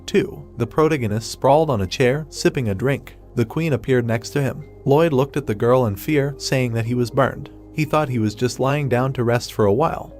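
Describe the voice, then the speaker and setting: A man narrating a comic recap in an even, steady third-person retelling. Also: mid-range voice. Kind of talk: scripted narration.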